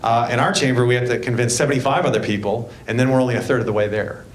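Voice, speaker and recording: A state representative, a man with a steady tone, races through a folksy, joking speech at a public meeting in a school board meeting room. The recording carries an echoey room sound and a faint rumble.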